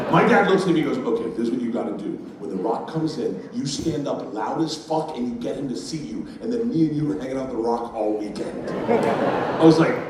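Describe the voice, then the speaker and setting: A man's voice: medium pitch, animated, brisk. A man in his fifties doing stand-up, telling a profane, rowdy story and laughing through it, recorded live. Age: 50s. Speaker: stand-up comedian. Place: live comedy venue, audience laughter. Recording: echoey distant room recording with noise.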